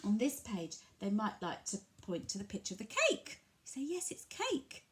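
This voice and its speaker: An English woman from a family centre explains to parents how to share a picture book, talking gently and patiently and switching to a bright sing-song voice when modelling words. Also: medium pitch, animated, moderate pace. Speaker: family centre early language worker. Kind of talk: instructional talk to parents, demonstrating a picture book.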